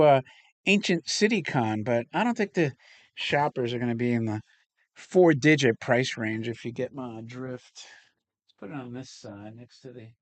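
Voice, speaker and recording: A man's voice: medium pitch, dry recording. A man hosting a casual unboxing chat, rambling and swearing casually as he talks. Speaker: toy collector host.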